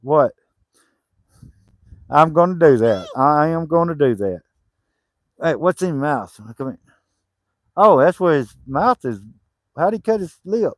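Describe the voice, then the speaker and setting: A man's voice: on the high side, expressive, a little slow, long pauses, dry recording, clean studio sound. A man working on his homestead cabin, chatting casually, laughing easily and calling to his dogs. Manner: easygoing, laughs often, calls to dogs. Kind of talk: casual chat while working.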